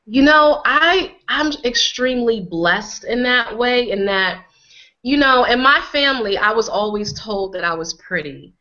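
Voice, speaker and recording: Guesting on a conversational interview, this Connecticut healing coach sounds animated, a little high in pitch, and a little slow. Her voice is bright and forceful yet slightly hoarse from a cold she's getting over, and she stresses and repeats phrases for emphasis. Sound quality is a bit dull and lo-fi.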